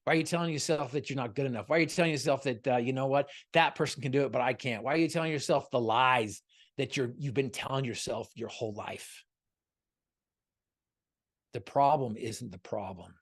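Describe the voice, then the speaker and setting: A man's voice: mid-range voice, a little fast. A man giving a motivational talk over a video call, telling a story and firing off repeated rhetorical questions. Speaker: motivational speaker guest.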